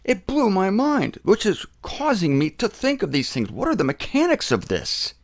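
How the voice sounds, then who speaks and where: A man giving a casual spoken Bible teaching, animated, repeating phrases for emphasis. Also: high-pitched, normal speed.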